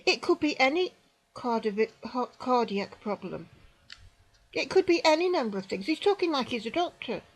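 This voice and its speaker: A British woman in her sixties, telling her own story to the camera in an emphatic, indignant way, repeating phrases and dropping into quiet asides. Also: high voice, big pitch swings, normal speed, low-quality recording. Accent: British English. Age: 60s. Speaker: vlogger recounting an experience. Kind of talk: indignant personal account to camera.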